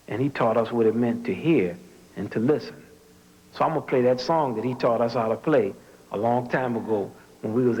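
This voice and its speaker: A man's voice: medium pitch, darkish tone. A man from New Orleans giving a commencement speech as a story, who sings out drum and horn sounds along the way. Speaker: commencement speaker. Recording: muffled lo-fi speech recording.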